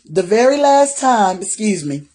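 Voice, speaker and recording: A woman's voice: medium pitch, big pitch swings, measured pace, a little mellow. A woman vlogger speaking straight to her viewers in a personal testimony, faith-filled and encouraging, repeating phrases for emphasis. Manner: talks directly to viewers.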